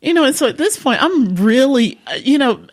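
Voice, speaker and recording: A woman's voice: sits high, normal speed. A woman guest telling a funny story in conversation, acting out the voices of the people in it. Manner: lively, acts out voices while telling a story.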